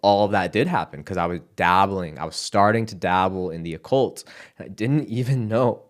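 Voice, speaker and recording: A young man giving a halting, emotional personal testimony, close to tears, with casual fillers and sighs. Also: low-pitched. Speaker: content creator sharing his testimony.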